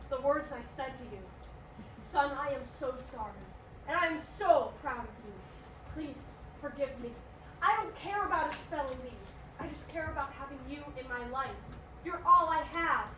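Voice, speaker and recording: A woman's voice: high voice, normal speed, a bit bright, slight background noise. An actress playing a remorseful, doting father in a live stage play, pleading and emotional. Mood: tender pleading. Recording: echoey theatre from far.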